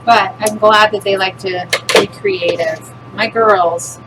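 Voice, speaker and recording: A woman's voice: medium pitch, fairly even intonation, slow. A middle-aged woman chatting casually as she demonstrates a craft project, working with her hands and making self-deprecating asides. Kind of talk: casual craft demo chat. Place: home with a loud furnace. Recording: noisy home recording, furnace hum.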